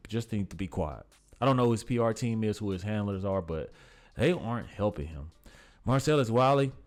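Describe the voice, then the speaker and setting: A man's voice: on the low side, a little mellow. A man giving blunt, exasperated sports commentary in a casual vlog, often calling the listener "bro".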